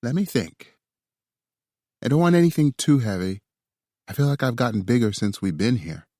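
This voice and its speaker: A man voicing a playful, teasing young woman in an audiobook, in a high, shrill put-on voice. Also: big pitch swings, normal speed, dark tone, no echo, studio quality. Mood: casual.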